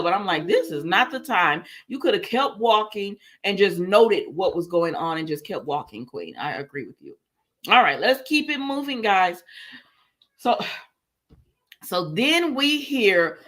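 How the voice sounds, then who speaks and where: A chatty woman recaps the latest soap opera drama on her livestream, with a voice of ordinary middle pitch. She slips into the characters' lines as she retells each scene, stops to answer viewer comments, and laughs easily along the way. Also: fairly bright tone. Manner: laughs often, lots of fillers. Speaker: soap opera review host. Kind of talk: casual livestream recap and chat replies.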